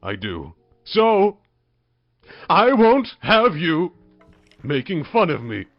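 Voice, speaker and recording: A man's voice: mid-range voice, sing-song, a little slow, no echo, faint music behind. A man playing a bitter, obsessive male cartoon fan in an indignant rant. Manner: ranting, indignant. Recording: muffled lo-fi recording.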